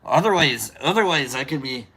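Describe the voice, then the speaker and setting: A livestream host chatting casually and reading out viewer names, rambling and halting with many fillers and restarts. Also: medium pitch, animated, pushed and bright, a little hiss or hum.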